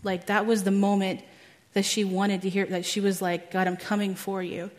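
A young woman telling a personal testimony in a chatty way, full of "like" and quick laughs at herself. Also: mid-range voice, level tone. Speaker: speaker at a church teaching.

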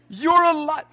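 Preacher guy giving a sermon, really high bright voice, goes from soft asides to loud emphatic bits, jokes around. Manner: folksy, joking, quotes everyday sayings.

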